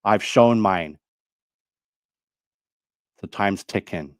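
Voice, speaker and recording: A man's voice: fairly low pitch, extremely slow, dry recording. A man delivering a heated, accusing monologue to his video audience, repeating himself as he lays out his grievances. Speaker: video creator. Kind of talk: angry monologue to camera.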